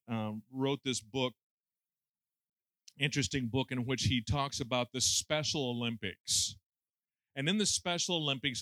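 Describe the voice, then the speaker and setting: A man's voice: mid-range voice, pushed and bright, dry recording. A man in his sixties preaching a conversational sermon with folksy, self-deprecating humor and lots of fillers. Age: 60s.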